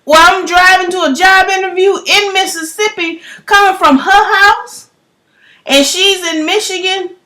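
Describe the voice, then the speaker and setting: A young woman, telling a story in a loud, profane vlog rant full of emphatic rhetorical questions. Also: very high-pitched, moderate pace. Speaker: vlogger.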